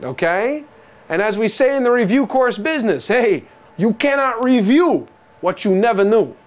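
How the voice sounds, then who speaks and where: A male lecturer with a notably high voice for a man, teaching with theatrical flair. He fires rhetorical questions at his listeners, repeats the answers for emphasis, and drops jokes between the facts. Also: expressive, normal speed. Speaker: medical exam review lecturer. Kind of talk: jokey recorded lecture.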